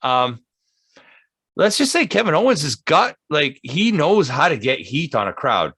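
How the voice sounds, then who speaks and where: A man's voice: fairly high pitch, very animated, bright, forceful tone, slightly rough, no echo. A man co-hosting a casual wrestling review podcast, agreeable and rambling through recaps. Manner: agreeable, lots of quick yeahs, rambling recaps. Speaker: podcast co-host.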